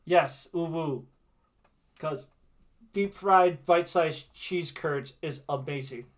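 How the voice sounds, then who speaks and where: This is a chatty man who hosts a tarot livestream. His voice sits a little high for a man, and his talk is casual and reassuring, with "right?" tacked onto his points. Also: slow. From Wisconsin, USA. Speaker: tarot reader and livestream host.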